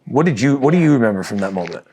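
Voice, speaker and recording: A man's voice: medium pitch, big pitch swings, very fast, a little mellow, a little hiss or hum. A man in his thirties co-hosting a podcast, telling a personal story casually and bluntly, with frequent swearing. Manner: blunt, swears often, candid. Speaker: podcast co-host.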